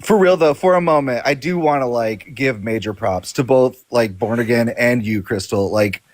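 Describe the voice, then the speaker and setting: Man, mid pitch, dry sound, casual podcast chat, lots of likes and uhs. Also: normal speed, no echo. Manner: loose, filler-heavy, appreciative.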